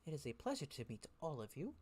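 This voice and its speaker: A composed high elf huntress, as a game master puts her on, ageless and sure of herself. She speaks quickly in a hushed, self-assured voice. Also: big pitch swings, very noisy, natural voice. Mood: poised.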